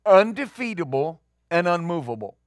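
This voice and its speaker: A middle-aged male pastor preaching a sermon, conversational, rising into loud emphatic peaks. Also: a little high, sing-song, moderate pace, dry recording, studio quality.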